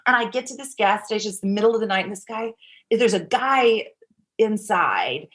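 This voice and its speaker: A woman's voice: medium pitch, animated, normal speed. Rambling woman telling a candid story. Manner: rambling, restarts, acts out quotes, swears casually. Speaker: guest, actor.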